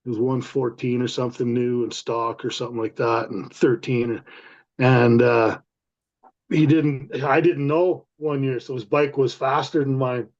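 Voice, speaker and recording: A man's voice: mid-range voice, steady tone, measured pace. A Canadian man hosting a casual chat, telling profane biker road stories. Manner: profane, storytelling. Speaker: podcast host. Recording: dull lo-fi sound.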